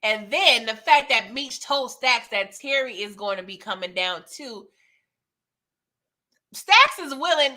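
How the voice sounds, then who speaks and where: A woman recapping a TV episode in a loose, chatty way, full of slang and asides to her viewers. Her voice sits a little high and has a bright, forceful edge. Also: animated, measured pace. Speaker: TV recap host.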